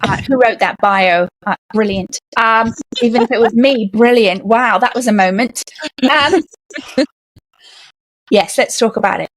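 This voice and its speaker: Lively, storytelling woman podcast guest. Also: a little high, no room sound. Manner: animated storyteller, acts out quoted voices. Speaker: podcast guest, comedian and author. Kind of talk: casual interview talk.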